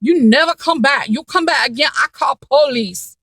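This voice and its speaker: A woman doing a shrill, bossy shop clerk man. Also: moderate pace, a bit bright, no room sound. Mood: angry. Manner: clipped broken commands. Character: stern middle-aged male shop clerk, bossy.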